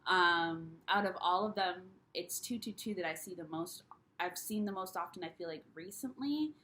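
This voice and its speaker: A woman's voice: on the low side, normal speed, sharp tone. A young woman chatting on her own spiritual video channel, rambling loosely with restarts and little laughs, candid and self-mocking. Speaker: spiritual YouTuber. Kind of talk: casual solo vlog chat.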